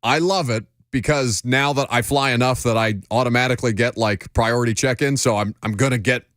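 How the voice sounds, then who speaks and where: A man's voice: medium pitch, fairly quick, fairly bright tone, no room sound, studio quality. A man hosting a sports radio show, talking in a wry, teasing, chatty way. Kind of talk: casual sports radio banter.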